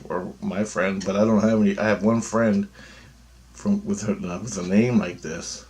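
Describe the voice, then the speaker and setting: A man's voice: fairly low pitch, fairly even intonation, moderate pace, a little mellow, slight background noise. A man talking in a loose, meandering monologue, swearing freely as he tells a story. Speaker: vlogger. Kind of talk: casual rambling monologue.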